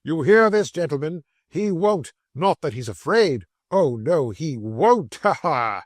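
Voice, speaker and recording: A man's voice: fairly high pitch, lively intonation, dry recording, clean studio sound, pitched above the performer's own voice. A man doing a sneering, taunting rival editor. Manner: mocking, drawn-out sneers.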